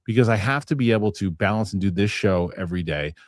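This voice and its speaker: A man's voice: on the low side, quick pace, no echo, studio quality. A middle-aged man hosting a casual chat show, rambling with restarts and acting out other people's lines. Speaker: host.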